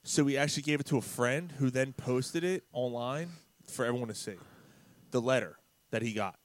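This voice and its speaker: A man hosting a casual podcast, telling a road-rage story with lots of swearing and loud acted-out quotes. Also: medium pitch, moderate pace, no room sound. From Philadelphia area. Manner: profane, animated storyteller, shouts out quoted lines. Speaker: podcast host.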